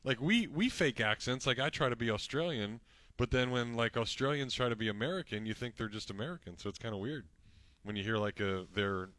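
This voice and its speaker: A man's voice: medium pitch, fairly quick, a bit bright, dry recording. A man co-hosting a sports talk radio show, chatting casually and often searching for words. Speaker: radio co-host.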